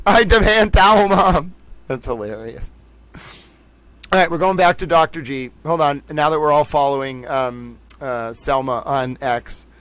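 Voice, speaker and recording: A man's voice: medium pitch, unhurried, fairly bright tone, clean tone, rough recording. A man hosting a livestream, reading viewer comments aloud and riffing in a playful, rambling way. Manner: playful, rambling, jokey asides to chat. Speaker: livestream host.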